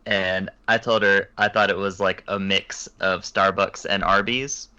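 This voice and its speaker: A man in a casual podcast chat making wry, deadpan jokes. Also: low-pitched, a little slow, smooth, lo-fi sound.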